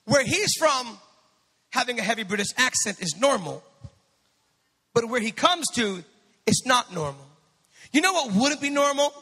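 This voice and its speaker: Brief: male preacher, very high gravelly voice, fiery sermon with shouted peaks, church reverb. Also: sing-song, normal speed, long pauses. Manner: impassioned preaching that builds to shouted climaxes, with quips to the congregation. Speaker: pastor. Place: church sanctuary.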